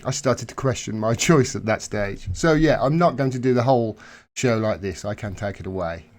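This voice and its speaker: A man's voice: lowish voice, moderate pace, darkish tone. A man hosting a casual live stream, chatting in a rambling way and correcting himself as he goes.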